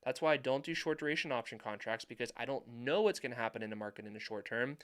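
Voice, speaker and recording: A man's voice: mid-range voice, quick pace, a bit bright. A young adult man giving market commentary over charts, emphatic and repeating points for stress. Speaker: finance YouTuber.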